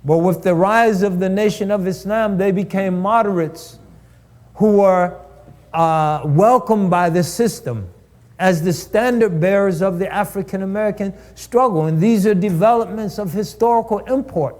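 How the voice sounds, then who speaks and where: A man delivers a lecture in the cadence of a sermon, stacking up repeated phrases to drive each point home. His voice sits high for a man yet sounds mellow and soft-edged. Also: moderate pace. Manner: rhetorical, repeats phrases for emphasis. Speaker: speaker at a live-streamed cultural event. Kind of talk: preaching lecture.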